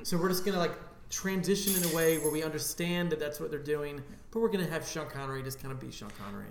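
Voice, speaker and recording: A man's voice: a little high, quick pace, vocal fry, a little hiss or hum. A man co-hosting a casual film podcast, rambling through asides and fillers. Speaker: podcast co-host. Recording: roomy echo.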